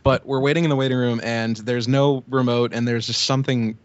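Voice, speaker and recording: A man co-hosting a podcast, telling a story in casual chat with a relaxed, amused manner. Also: mid-range voice, fairly quick, no room sound. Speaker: podcast co-host. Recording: dull lo-fi podcast audio.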